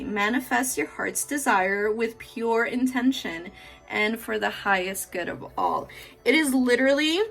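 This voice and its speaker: Bright-voiced woman giving a tarot reading. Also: fairly high pitch, breathy edge. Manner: chatty, profane and affectionate, laughs often. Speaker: tarot reader. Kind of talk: casual pick-a-card tarot reading.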